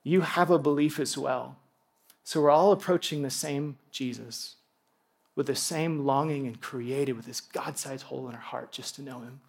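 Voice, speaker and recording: A man preaching a sermon to a congregation, animated and excitable, dropping from loud bursts to hushed tones. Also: mid-range voice, moderate pace, gravelly. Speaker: pastor.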